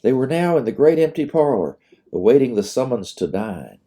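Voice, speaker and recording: Male author-narrator, dark mellow tone, very expressive melody; storybook. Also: medium pitch. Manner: measured, expressive reading. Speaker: author narrating his book.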